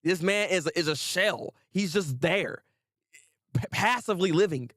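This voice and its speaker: A young man hosts a casual anime review livestream, speaking animatedly, laughing often and chatting with viewers. His voice sits high at a moderate pace, recorded at studio quality with no room sound.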